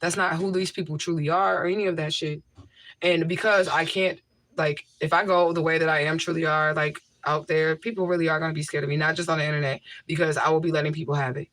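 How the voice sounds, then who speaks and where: Talking fast in a low, steady voice with a slightly bright edge, this woman hosts a casual livestream and responds to viewer comments. Her mic wears a homemade tissue filter, the audio is dry, and she gets her point across bluntly, saying things more than once.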